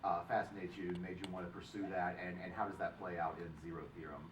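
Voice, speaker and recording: A man's voice: low voice, little pitch movement, fast. A man interviewing at a press event, asking long questions earnestly with hesitations. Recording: echoey room, distant mic, audible noise.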